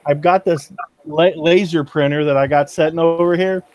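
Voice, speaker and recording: A folksy man chatting with other resellers, laughing through his sentences. His voice sits a bit high for a man. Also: fairly even intonation, normal speed, a little mellow, no room sound. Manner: folksy, laughs while talking. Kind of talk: casual group chat.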